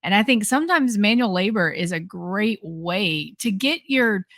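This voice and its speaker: A woman's voice: mid-range voice, animated, unhurried, a bit bright, dry recording. Reflective woman host, dry close mic. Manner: reflective, thoughtful, speaks in long musing sentences. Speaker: podcast host. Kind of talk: casual interview chat.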